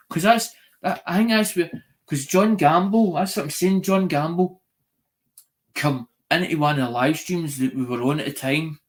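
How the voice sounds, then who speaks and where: A man's voice: a little high, normal speed. A man ranting in a live-stream monologue, swearing a lot, repeating himself and restarting his sentences. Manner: sweary, repetitive, restarts often.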